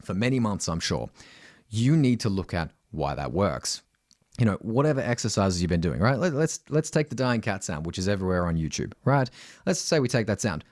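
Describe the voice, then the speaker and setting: A middle-aged Australian man teaching singing, talking directly and often asking "right?", breaking into loud high sung demonstrations. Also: sing-song, brisk, no echo, studio quality.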